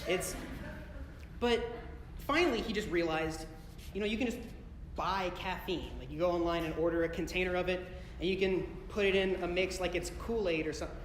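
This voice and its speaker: A man with a high, slightly fast voice performs stand-up for a live audience in a concert hall, telling a rambling story and correcting himself as he goes. The hall's long reverb makes it echoey, and there's slight background noise.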